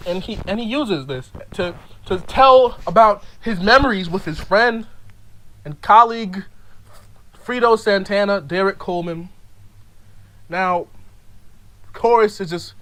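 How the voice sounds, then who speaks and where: A vlogger delivering a rambling, ironic monologue in a mock-serious tone, full of stammered restarts, swinging between loud outbursts and low mumbling. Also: rough recording.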